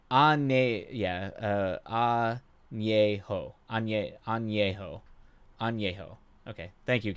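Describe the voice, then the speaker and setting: This livestream gamer is a man in his thirties, chatting casually with viewers while gaming at home at night. His medium-pitched voice is fairly bright and clean, and he rambles, puts himself down, hums idly and uses lots of fillers.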